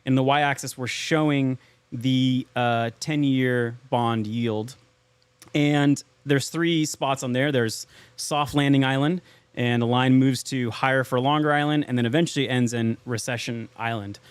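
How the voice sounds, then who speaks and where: A man's voice: medium pitch, steady tone, measured pace, clean tone, no echo. A man co-hosting a podcast, steering the talk and explaining a chart of market data step by step. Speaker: podcast co-host. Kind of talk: casual chat, market commentary.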